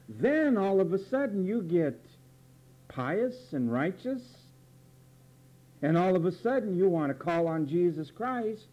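A man's voice: high-pitched, sing-song, measured pace. A man preaching a sermon, emphatic and repetitive, pressing word meanings with rhetorical questions. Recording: dull lo-fi recording.

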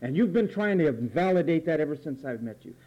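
A man's voice: fairly high pitch, expressive, fairly quick, dark tone. A man preaching a sermon, emphatic and repetitive, pressing word meanings with rhetorical questions. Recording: dull lo-fi recording.

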